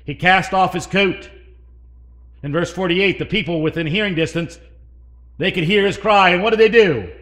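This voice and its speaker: Male preacher, high tenor, bright edge; dynamic sermon delivery with questions to the room. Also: moderate pace. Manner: dynamic, swinging between loud emphasis and hushed asides; asks the congregation questions.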